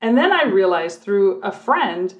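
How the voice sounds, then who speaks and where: A woman's voice: medium pitch, big pitch swings, a little slow. Chatty middle-aged woman, muffled audio. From Canada. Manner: chatty storyteller, talks readily at length. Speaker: guest, former undercover cop and prosecutor. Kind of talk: casual podcast chat.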